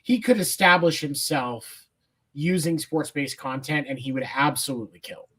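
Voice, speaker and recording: A man co-hosting a sports podcast, giving measured opinions with casual fillers. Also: on the high side, a bit bright. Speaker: podcast co-host.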